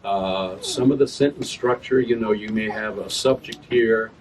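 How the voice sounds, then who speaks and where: In a reading event room, a man with a lowish voice speaks at normal speed, presenting his own work and casually discussing verse with the crowd. He explains through rhythm sounds and self-corrects. The distant mic adds room ambience and a little hiss or hum.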